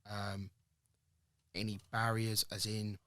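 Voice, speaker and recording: Man telling his story, slangy and lively. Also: on the low side, slow pace, no echo, clean studio sound. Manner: slangy, animated, acts out quoted voices. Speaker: podcast guest. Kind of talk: candid personal storytelling.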